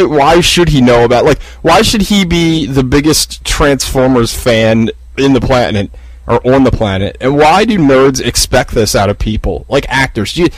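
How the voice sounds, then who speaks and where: A podcast host with a medium-pitched voice rambles and swears through a casual solo rant, full of fillers and restarts. The recording is dry and rough, made on a podcast microphone.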